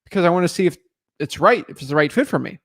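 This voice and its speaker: A man acting out an impatient male home seller on a cold call, voiced higher than his own voice and badgering. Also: expressive, quick pace, a bit bright. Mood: matter-of-fact. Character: pushy middle-aged male home seller on phone.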